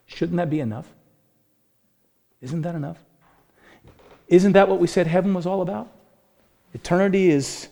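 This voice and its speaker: A male pastor delivers a sermon in a gravelly, fairly high voice. He speaks earnestly and builds to fervent peaks. The sound rings with a long hall reverb. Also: a little mellow.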